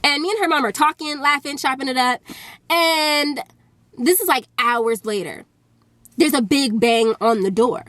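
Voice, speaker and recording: A woman from Alabama telling a personal story on her vlog, animated and full of filler words. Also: high-pitched, unhurried, no echo. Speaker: vlogger.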